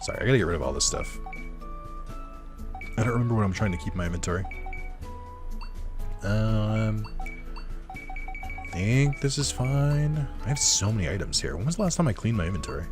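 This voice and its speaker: Male let's-play host with a lowish voice, loose and rambling, joking at his own expense, soft game music behind him. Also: big pitch swings, fast, long pauses. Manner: rambling and self-deprecating, with many fillers. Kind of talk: casual gameplay commentary.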